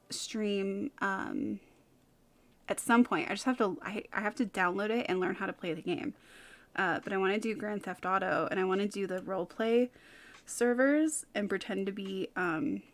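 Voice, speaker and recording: A woman in her thirties from California with a light Californian accent, chatting casually as a streamer, rambling and giggling between fillers. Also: mid-range voice. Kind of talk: casual chat.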